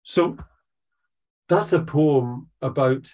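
A middle-aged man, leading an online poetry workshop over a video call in an encouraging, unhurried way. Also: fairly high pitch, a little mellow. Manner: encouraging, unhurried, reads poems aloud.

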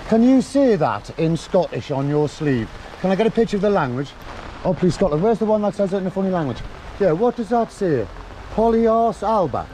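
A man with a Northern English accent, filming police outdoors in the rain and teasing them with cheeky, mock-flattering banter. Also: high voice, a little hiss or hum, poor audio. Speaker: photography auditor filming police. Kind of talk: joking street banter.

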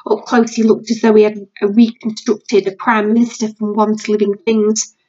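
A woman's voice: mid-range voice, little pitch movement, moderate pace, darkish tone, highs cut off. A British woman teacher reading a novel aloud to her class.

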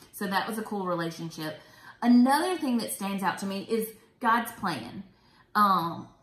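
Enthusiastic woman in a roomy echo. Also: mid-range voice. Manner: enthusiastic, chatty. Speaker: host. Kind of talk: casual Bible study talk.

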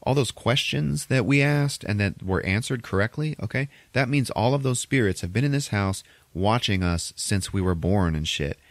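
A man's voice: on the low side, expressive, moderate pace, hardly any pauses, dry recording. A man putting on a voice for a panicked, blunt teenage girl who swears as he retells a movie scene. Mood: urgent. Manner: urgent, swearing.

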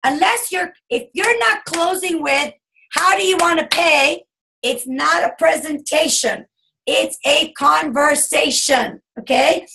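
A woman giving an animated sales coaching talk over a video call, acting out bubbly chatter as she teaches. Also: high voice, slow pace, gravelly, poor audio. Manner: animated, acts out bubbly customer chatter in a squealing voice. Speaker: guest speaker coaching a sales team.

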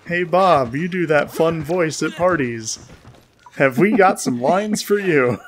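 Slow-talking, wisecracking man. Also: on the high side, a little hiss or hum. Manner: dry, wisecracking. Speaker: let's play co-host. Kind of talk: casual gameplay commentary.

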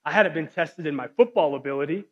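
A man's voice: fairly high pitch, fast talker. A young man in his twenties giving an earnest guest sermon testimony, telling stories with casual "like" fillers. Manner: earnest storytelling, frequent "like" fillers. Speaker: guest speaker. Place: church hall. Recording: dull sound with long hall reverb.

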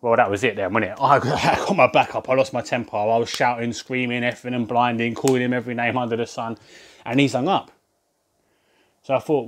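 A man telling a casual anecdote, animated, laughing often and swearing mildly. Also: medium pitch, brisk. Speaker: vlogger.

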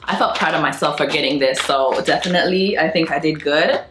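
A woman's voice: sits low, fairly quick, reverberant, noisy background. A young woman chatting casually to her viewers in a home vlog, gushing over each thing she shows. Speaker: vlogger. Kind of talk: casual haul vlog chat.

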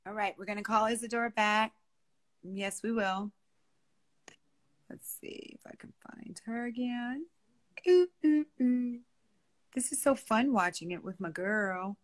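A woman's voice: mid-range voice, measured pace, a bit bright. A woman co-hosting a casual live stream, chatting and reading viewer comments aloud as she watches a show.

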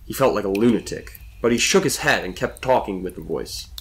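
A man reading a suspenseful story as a storyteller with steady narration. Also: on the low side, fairly quick.

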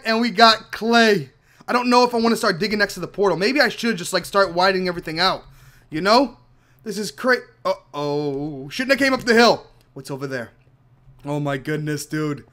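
A young man talks through his game play in a loose, rambling way, bursting into excited shouts. His voice sits high and sounds bright and forward, recorded close on a desk mic. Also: moderate pace. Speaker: gaming channel host. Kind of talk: Minecraft let's play commentary.

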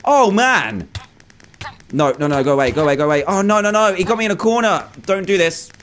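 A young man commentating live on his own gameplay, excitable and quick to exclaim, often repeating himself. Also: high-pitched, a little hiss or hum. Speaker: gaming YouTuber.

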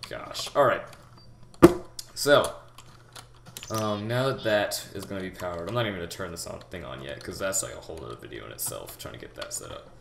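A young man giving a rambling, halting game tutorial, full of fillers and restarts, talking as if out of breath. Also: deep voice, lively intonation, creaky. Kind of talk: casual gameplay tutorial. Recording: echoey room with loud background noise. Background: keyboard typing and mouse clicks.

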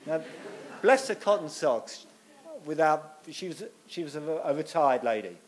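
A man's voice: fairly high pitch, big pitch swings, a little slow. A middle-aged man, a guest speaker giving a chatty, self-deprecating talk at church.

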